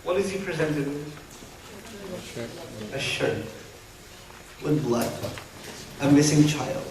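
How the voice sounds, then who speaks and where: A man giving an Islamic lecture to a live audience in an animated, humorous way, full of rhetorical questions. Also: fairly high pitch, slow, a crowd in the background. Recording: echoey hall, distant mic.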